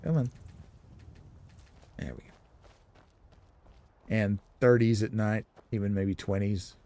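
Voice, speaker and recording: A man's voice: lowish voice, steady tone, slow, mellow. Rambling, chatty man streaming a game. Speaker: gaming streamer. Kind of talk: casual gameplay commentary.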